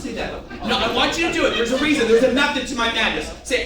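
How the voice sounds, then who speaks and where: A man's voice: extremely high pitch, fast talker, few pauses, a crowd in the background. A man giving a live sales training talk in a theatrical way, having the audience repeat phrases back to him. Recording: echoey room, picked up from a distance.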